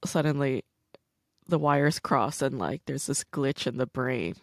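A woman's voice: very deep voice, unhurried, no echo, clean studio sound. A woman hosting a casual conversation, telling stories candidly and animatedly with lots of "like". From United States. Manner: candid, animated storytelling with frequent "like".

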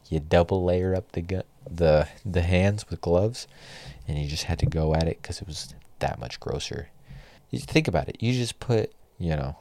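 Brief: young male podcast host, very low voice, dry close sound, profane exasperated rants. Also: a little mellow, no echo. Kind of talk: solo podcast rant.

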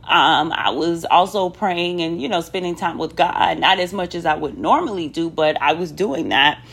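Candid chatty woman with a lowish voice. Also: moderate pace, a bit bright, husky. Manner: candid and chatty, many ums, addresses viewers as y'all. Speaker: vlogger. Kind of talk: casual personal vlog talk.

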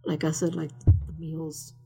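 A woman's voice: deep voice, level tone, a little slow, creaky, dark tone, breathy edge, soft background music. An older woman being interviewed, telling stories casually in a rambling way, full of fillers and slipping into Spanish phrases. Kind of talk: casual storytelling.

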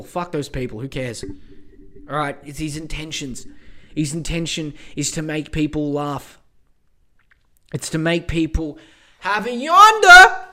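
A man hosting a podcast who rants with profane, excitable energy, often slipping into exasperation. His voice sits a bit high for a man. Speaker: podcast host. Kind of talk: casual ranting podcast talk.

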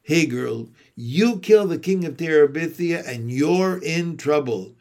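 A man's voice: fairly high pitch, lively intonation, a little slow, a little mellow. Brief: man voicing a shy storybook boy, doubtful and easily rattled, slightly raised voice. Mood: doubtful, teasing.

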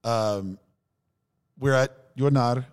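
A man's voice: mid-range voice, drawn-out words, smooth. A man co-hosting a podcast, telling stories in casual chat with enthusiasm. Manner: enthusiastic storyteller, animated. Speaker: podcast co-host.

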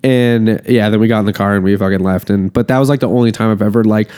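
A young man tells a long story on a casual podcast. He rambles and swears, and he packs his talk with fillers. His voice is mellow and dark. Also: lowish voice, steady tone, fast, smooth. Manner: profane, rambling, heavy on fillers. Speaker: podcast co-host.

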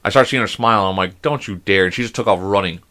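Animated, swearing man telling stories. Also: on the low side, rapid-fire. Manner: animated storytelling, swears a lot. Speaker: podcast host. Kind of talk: casual podcast chat.

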